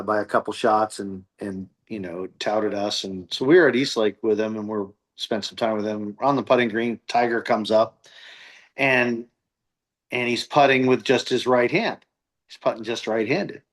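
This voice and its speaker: Middle-aged male coach, chatty guest, does voices in his anecdotes. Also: mid-range voice. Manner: animated storyteller who acts out quoted voices. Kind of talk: casual storytelling interview.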